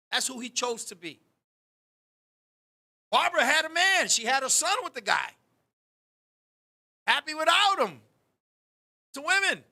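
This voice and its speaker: A man hosting a talk show, telling a funny story in a loose, profane way and acting out the people in it. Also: very high-pitched. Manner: animated, profane, acts out the people in his story. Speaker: podcast host. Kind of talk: casual storytelling chat.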